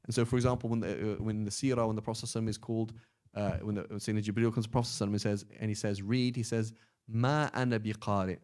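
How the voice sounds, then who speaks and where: Low-voiced English man teaching Arabic. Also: very fast, smooth. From England. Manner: pedantic, explains with lively examples. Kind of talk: online class teaching.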